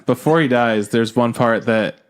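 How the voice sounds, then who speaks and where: A man's voice: medium pitch, moderate pace, smooth. A man co-hosting a podcast in casual chat, talking earnestly and emotionally and swearing often. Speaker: podcast co-host. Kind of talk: casual chat about an anime. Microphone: podcast microphone.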